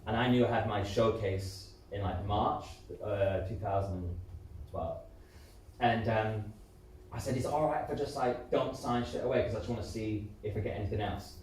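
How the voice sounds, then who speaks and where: Speaking at a normal speed in a fairly low, slightly mellow voice, a musical theatre performer in his thirties gives a live stage interview. He's candid but full of fillers and false starts, in front of an audience at a community centre hall. The recording picks up hall echo and faint noise from a distant mic.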